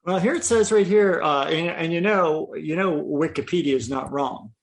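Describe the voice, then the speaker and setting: A man's voice: on the high side, moderate pace. A man co-hosting a podcast in casual chat, easygoing and hesitant, with lots of fillers. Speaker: podcast co-host.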